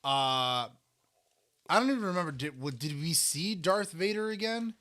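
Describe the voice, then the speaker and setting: A man's voice: fairly high pitch, lively intonation, moderate pace, pushed and bright. A man co-hosting a casual eating podcast, rambling and restarting as he talks with food in his mouth. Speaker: podcast co-host. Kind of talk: casual chat while eating.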